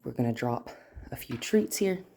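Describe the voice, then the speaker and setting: A woman dog trainer explaining her steps to viewers while working a dog indoors, breaking into high praise. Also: lively intonation, normal speed, vocal fry, warm tone. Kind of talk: instructional dog training demo.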